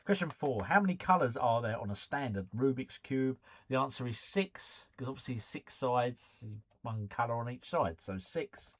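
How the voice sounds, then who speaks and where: A man's voice: medium pitch, animated, moderate pace, muffled recording. A man hosting a live stream. He reads out quiz answers, repeats each one, and chats with viewers in a jokey way.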